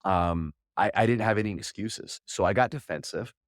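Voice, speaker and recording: Man, forties, very low voice, earnest, candid, podcast guest, dry sound. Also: normal speed, no room sound. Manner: earnest and candid, with frequent restarts. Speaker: podcast guest, wealth management coach. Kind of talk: candid personal storytelling.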